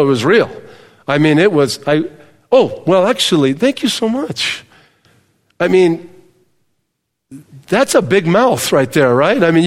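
Man preaching in a reverberant hall. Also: on the high side. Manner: conversational preaching, addresses congregation directly. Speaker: pastor. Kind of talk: sermon. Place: church hall with congregation.

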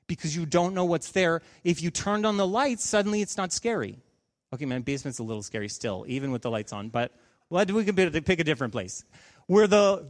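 A man in his thirties, a pastor, preaching a conversational sermon with stories and sudden emphatic bursts. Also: high voice.

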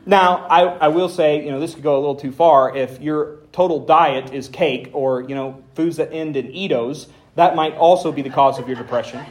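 A man's voice: on the high side, normal speed, hardly any pauses. A man preaching a conversational sermon as pastor, with dry humor and dramatic emphasis when reading scripture.

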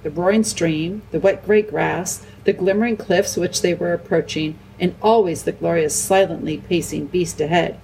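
A woman reading a children's novel aloud in a calm, measured way. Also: fairly low pitch, creaky, recorded from a distance, slight background noise, rough recording. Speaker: audiobook reader. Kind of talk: storybook narration.

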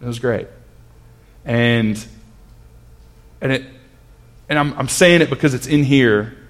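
Slow and mid-range in voice, a pastor in his thirties delivers a conversational sermon built around an earnest personal story, full of restarts and quieting to a hush at its tender moments.

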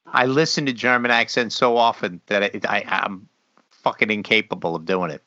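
A man chatting casually as a co-host, with a bright, forward tone. He swears often and rambles, trailing off and starting his sentences again. The recording sounds slightly dull and lo-fi, and the room is dry. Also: fairly low pitch, fairly even intonation, normal speed, no room sound. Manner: profane, rambling, trails off and restarts. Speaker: podcast co-host. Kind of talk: casual chat.

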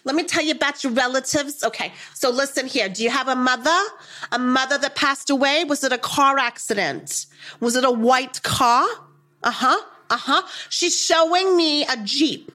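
A woman's voice: high-pitched, animated, bright, forceful tone, voice pushed up. A woman doing a flashy Jersey-accented male psychic. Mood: theatrical. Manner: theatrical, coaxing, asks rapid questions.

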